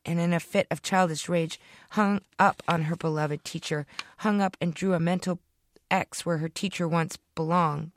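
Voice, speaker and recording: A woman's voice: fairly low pitch, fairly even intonation, moderate pace, no echo. Author narrating her own fiction, dramatic and rhythmic, very dry sound. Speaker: author reading her story. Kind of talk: expressive story reading.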